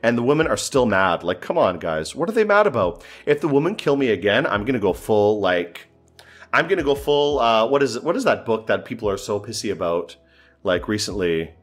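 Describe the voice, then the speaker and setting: A man's voice: lowish voice, lively intonation, brisk. A man thinking aloud as he plays a strategy game, often exasperated and swearing. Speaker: gameplay commentator. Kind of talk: casual gameplay commentary.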